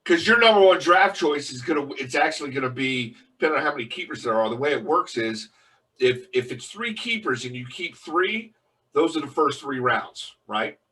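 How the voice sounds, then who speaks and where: A man's voice: on the high side, expressive, moderate pace, sharp tone, far from the mic. A man co-hosting a podcast in casual chat, explaining things at length and tagging his points with "right?". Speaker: podcast co-host.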